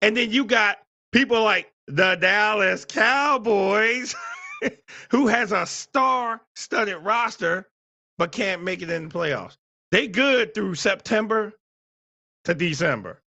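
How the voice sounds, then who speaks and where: A man co-hosting a sports podcast in casual chat, animated and quick to laugh, acting out scenes as he talks. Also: high-pitched, highs cut off. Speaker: podcast co-host.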